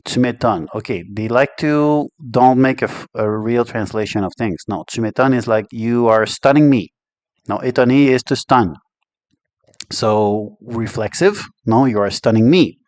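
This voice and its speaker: A man's voice: mid-range voice, normal speed, darkish tone, no echo. Joking man with a Quebec French accent. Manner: chatty and joking, laughs often, switches between English and French. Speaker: language teacher. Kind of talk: casual online language lesson.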